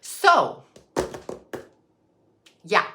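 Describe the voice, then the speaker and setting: Woman, livestream host, casual chat to viewers, bright tense voice, swears a lot, rambling. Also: drawn-out words, a little hiss or hum. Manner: profane, rambling, talks straight to chat. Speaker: psychic medium livestream host.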